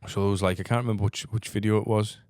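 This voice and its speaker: A man's voice: on the low side, steady tone, rapid-fire, a little mellow, no echo, studio quality. A man co-hosting a casual comedy podcast, rambling and trailing off with fillers. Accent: English. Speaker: podcast co-host. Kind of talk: casual chat.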